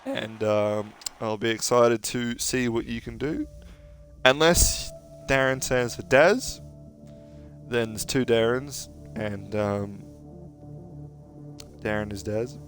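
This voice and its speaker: Joking sim racing commentator. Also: male voice, mid-range voice, slow, pauses often, faint music behind. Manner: casual and joking, chats to viewers and drivers. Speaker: race commentator.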